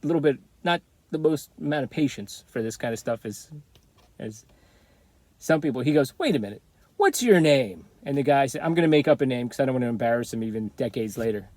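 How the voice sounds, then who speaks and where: A man's voice: medium pitch, quick pace, a little mellow, dry recording. Rambling man telling a story, dry sound. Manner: rambling, digressive, chuckling. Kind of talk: casual storytelling.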